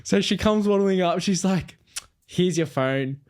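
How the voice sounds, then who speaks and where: A man's voice: high voice, unhurried, darkish tone. A young man, a podcast co-host telling a story casually and animatedly, acting out quoted voices.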